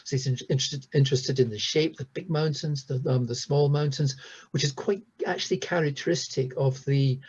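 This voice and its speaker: A man giving a recorded lecture, talking hesitantly with many pauses and restarts. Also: mid-range voice, steady tone, darkish tone, slightly rough. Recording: dull lo-fi sound.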